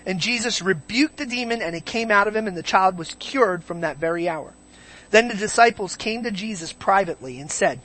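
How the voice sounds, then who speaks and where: A preacher giving a verse-by-verse Bible teaching, emphatic, slowing on key words and asking many rhetorical questions. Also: medium pitch, lively intonation, a bit bright.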